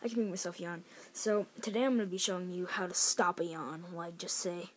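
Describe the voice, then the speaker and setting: A woman's voice: fairly low pitch, steady tone, fairly quick, a little hiss or hum. A teenage girl rambling chattily in a casual home vlog from a bedroom. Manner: rambling, chatty, lots of fillers and restarts. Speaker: vlogger.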